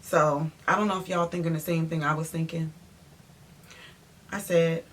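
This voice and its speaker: A woman interior designer telling a story in an animated, emphatic way, speaking straight to her viewers. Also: deep voice, moderate pace, pauses often, a little hiss or hum. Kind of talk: storytime vlog.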